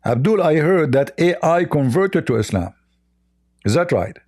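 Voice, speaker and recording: Mellow-voiced mocking male stream host. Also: fairly high pitch, sing-song, no room sound, clean studio sound. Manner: mocking, sarcastic, halting. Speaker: Christian apologist livestream host. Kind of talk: casual live debate stream.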